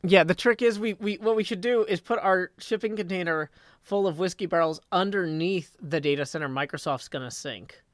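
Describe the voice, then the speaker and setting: A man's voice: sits high, moderate pace, no echo, studio quality. Tired man chatting on a live stream. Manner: rambling, self-correcting, thinks aloud. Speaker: Minecraft streamer. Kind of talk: casual live-stream chat.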